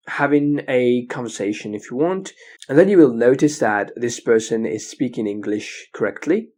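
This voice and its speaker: Male teacher lecturing, patient, frequent "okay?" checks. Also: mid-range voice. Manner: explains slowly, often checking with "okay?". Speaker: English teacher. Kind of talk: recorded lecture.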